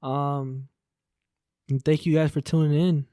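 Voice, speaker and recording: Young man, podcast co-host, high-pitched, teasing, rambling casual chat, dry recording. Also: level tone, unhurried, dark tone, clean tone, dry recording.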